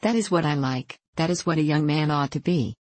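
A woman's voice: sits low, fairly quick, a little mellow, no room sound. A woman voicing an eager, romantic young woman.

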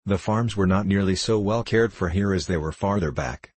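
Low, husky male storybook narrator. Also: moderate pace, dry recording. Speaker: audiobook narrator.

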